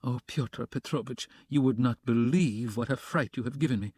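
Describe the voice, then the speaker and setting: A frightened older mother, read by a man, frets and exclaims in an audiobook. Her lines come softly and plainly, recorded dry and close. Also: mid-range voice, normal speed, slightly rough, dry recording, close to an everyday voice. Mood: fretful. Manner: fretful, exclaiming.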